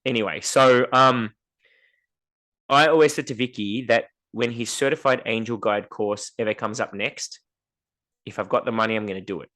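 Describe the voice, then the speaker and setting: Here the same kind of podcast co-host talks at normal speed with a medium-pitched voice. Chatting casually, he tells lively stories and raises his voice to play out other people's lines.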